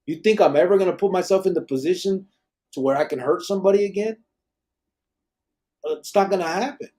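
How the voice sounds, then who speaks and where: Male podcast host, dark mellow tone, blunt and profane, talks straight. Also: high-pitched, fairly quick. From Arizona, USA. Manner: blunt and emphatic, heavy swearing, slang. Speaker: podcast host, former gang member. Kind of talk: live podcast talk, reading viewer comments.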